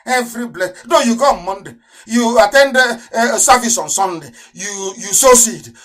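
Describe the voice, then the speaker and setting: A man's voice: lively intonation, normal speed, poor audio. Scornful Nigerian man ranting on radio. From southeastern Nigeria. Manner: scornful, hammering rhetorical questions; swings between loud outbursts and low mutters. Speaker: radio broadcaster and activist. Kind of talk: impassioned live radio address.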